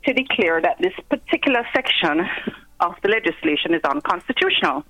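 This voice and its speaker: A Jamaican woman, a guest commentator in a phone-in news interview, explaining things step by step with pauses. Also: lowish voice, sing-song, fairly bright tone, low-quality recording.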